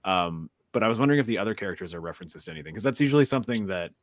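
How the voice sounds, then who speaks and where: A man chatting casually about a film on a podcast, musing aloud and trailing off softly. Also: fairly low pitch, lively intonation, very fast, no echo.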